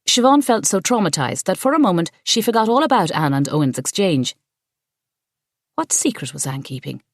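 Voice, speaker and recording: A woman narrating an audiobook in steady, measured scripted narration. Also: on the low side, no echo, clean studio sound.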